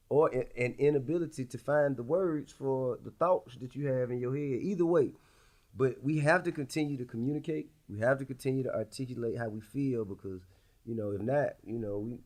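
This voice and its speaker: A man's voice: medium pitch, a little fast, a little mellow. A man hosting a podcast in casual conversation, laid-back and profane, musing aloud and firing off rhetorical questions. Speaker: podcast host.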